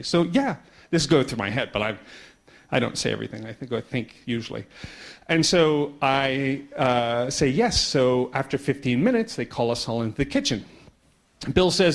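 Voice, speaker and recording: Fast-talking man telling a story. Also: medium pitch. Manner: animated storyteller acting out dialogue; quick pace with slowing down. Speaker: conference speaker. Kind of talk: storytelling talk to an audience.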